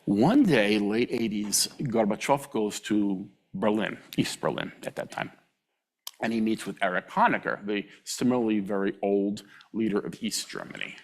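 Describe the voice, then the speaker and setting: Animated male lecturer telling funny stories. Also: moderate pace. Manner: animated, acts out quoted voices with sudden pitch jumps; humorous, chuckles at own anecdotes. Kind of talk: storytelling public lecture.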